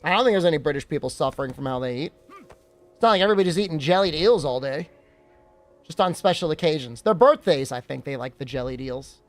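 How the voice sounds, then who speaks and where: A man's voice: fairly high pitch, expressive, fairly quick, faint music behind. A young American man streaming and chatting casually, joking and reacting to questions from his chat.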